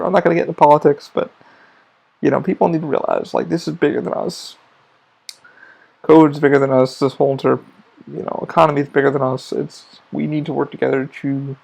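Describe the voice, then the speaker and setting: A man's voice: fairly high pitch, creaky, a little mellow, husky, low-quality recording. A man hosting a podcast, telling rambling stories about his theme park job in a casual monologue full of profanity. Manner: profane, storytelling, emphatic. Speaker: podcast host.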